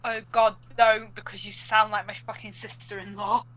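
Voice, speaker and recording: A woman's voice: medium pitch, level tone, moderate pace, a bit bright, poor audio. A woman chatting casually on a stream, blunt and sweary in her banter. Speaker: stream guest. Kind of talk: casual chat.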